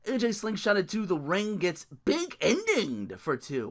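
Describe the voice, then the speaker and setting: Podcast guy recapping wrestling, laughs a lot, swears, bright voice that jumps all over. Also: high voice, unhurried, hardly any pauses. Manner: laughs often, swears, animated play-by-play. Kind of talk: casual solo recap with impressions.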